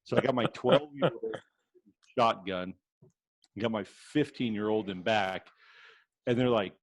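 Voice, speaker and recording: A middle-aged man co-hosting a sports podcast, chatting excitedly with casual slang. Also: lowish voice, unhurried, pauses often, no echo. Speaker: podcast co-host. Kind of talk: casual chat.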